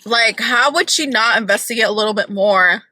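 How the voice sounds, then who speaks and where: A woman's voice: fairly high pitch, moderate pace, sharp tone, slight background noise, low-quality recording. A woman vlogging from her car, chatting casually and opinionatedly about celebrity gossip with lots of "like".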